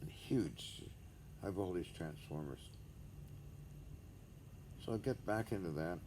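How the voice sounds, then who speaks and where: A man's voice: low-pitched, lively intonation, takes it slowly, mellow. An older man talking to camera in a rambling, blunt, sometimes profane monologue. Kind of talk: rambling casual vlog monologue. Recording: noisy background hiss.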